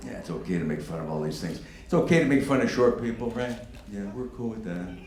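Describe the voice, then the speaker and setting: A man in his fifties doing a stand-up comedy set, with a profane, animated, punchy delivery. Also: on the low side, fast. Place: comedy venue on stage. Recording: echoey room with background noise.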